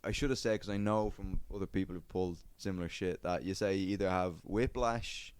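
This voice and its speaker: A man's voice: low voice, steady tone, fairly quick, darkish tone, smooth, no echo. A man on a podcast telling a story in casual chat, swearing often and acting out what people said. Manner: swears a lot, acts out quotes in a raised voice. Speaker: podcast co-host.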